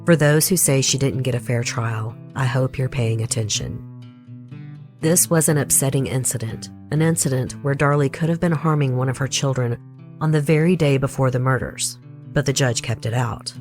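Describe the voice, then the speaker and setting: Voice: medium pitch, moderate pace, darkish tone, faint music behind. A true crime podcast host with a Southern US accent, reading a scripted case narration with blunt, opinionated asides.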